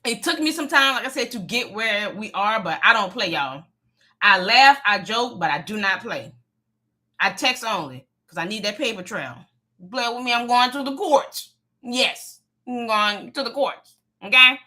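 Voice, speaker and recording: A woman's voice: a little high, expressive, normal speed, bright, forceful tone. A young woman hosting a casual faith-based livestream, sassy and emphatic, giving advice to viewers with laughs and asides. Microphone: phone or webcam livestream.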